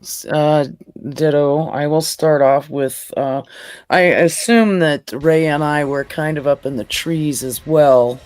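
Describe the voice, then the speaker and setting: A woman playing a tabletop game, soft-spoken and hesitant with many fillers. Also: low-pitched, fairly even intonation, slow, no room sound. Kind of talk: casual game chat.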